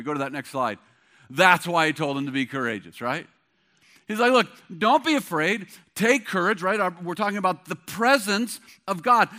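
A man's voice: fairly high pitch, bright, forceful tone. A middle-aged man preaching a sermon as pastor, with an emphatic, repetitive cadence.

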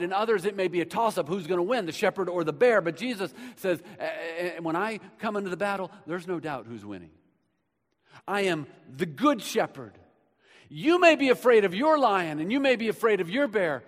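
A man preaching a sermon as pastor, swinging between hushed, quiet passages and loud, emphatic bursts. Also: high voice, expressive, fairly quick. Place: church sanctuary. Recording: long reverb of a large hall.

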